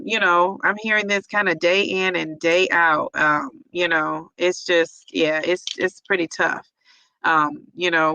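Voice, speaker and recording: Female host, bright tone, dry recording, emotional and conversational while reading viewer chat. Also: on the low side, gravelly, no echo, low-quality recording. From United States. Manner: emotional, empathetic, many fillers. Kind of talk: casual livestream chat.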